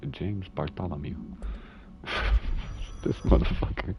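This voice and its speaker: A man's voice: low voice, fairly even intonation, normal speed, vocal fry, muffled recording. A young man streaming a game, casually reading in-game letters aloud with laughing, swearing commentary.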